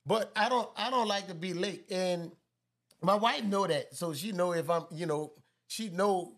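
A man's voice: high-pitched, a little slow, a bit bright. A man giving marriage advice in a casual chat with his wife, laughing often, repeating himself and quoting scripture.

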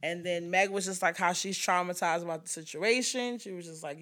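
A woman hosting a podcast with a bright, forceful tone. She talks bluntly and swears freely, acting out quotes in an animated way and firing off fast asides. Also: fairly low pitch. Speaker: podcast host. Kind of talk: casual pop-culture chat.

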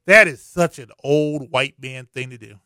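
A man's voice: medium pitch, moderate pace, sharp tone, no room sound, clean studio sound. A man doing comedic news commentary, rambling and profane, with lots of fillers.

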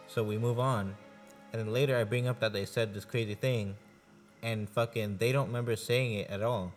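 Low-voiced man rambling casually. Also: fairly even intonation, fairly quick, faint music behind. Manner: rambling, swears often, heavy use of "like". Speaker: podcast co-host. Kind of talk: casual chat.

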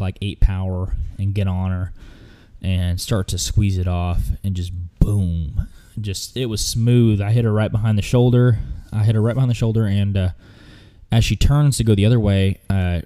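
A man's voice: lowish voice, warm tone. A man recounting a hunting trip in casual, rambling storytelling with lots of fillers and restarts.

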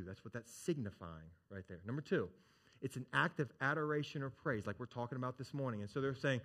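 A man's voice: mid-range voice, lively intonation, fairly quick. A male pastor preaching a sermon, emphatic, repeating key phrases and asking rhetorical questions.

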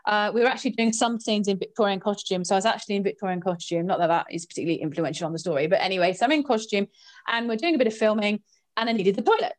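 A woman guest recounting a ghostly experience in a lively, expressive way, her voice jumping up in pitch at the dramatic moments. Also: very fast. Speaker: guest storyteller. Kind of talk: animated anecdote telling.

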